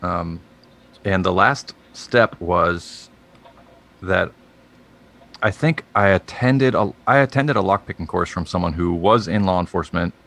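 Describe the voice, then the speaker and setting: A man with a very low voice and a gravelly edge, speaking as a guest over a video call. He talks in a dry, matter-of-fact way, with plenty of small fillers between thoughts. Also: unhurried, fairly bright tone. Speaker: podcast guest, trainer. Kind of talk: casual chat.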